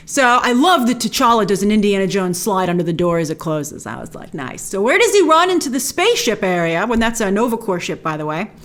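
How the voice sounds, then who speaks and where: A woman hosting a show, giving a casual, excited, chatty breakdown and review of an episode, often quoting characters in little voices. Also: mid-range voice, a little fast, hardly any pauses. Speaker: show host.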